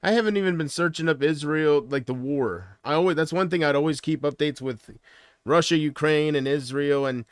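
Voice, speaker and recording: A man's voice: fairly high pitch, normal speed, no echo, studio quality. A man chatting casually on a livestream from home, rambling and hesitant, often trailing off.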